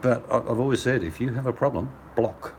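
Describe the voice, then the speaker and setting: Speaking at medium pitch and a little fast, the older Australian man has a darkish tone, with slight background noise around him. He's a participant in a casual video call hangout, using his phone on mobile data at home by a fireplace, full of relaxed, blokey rambling.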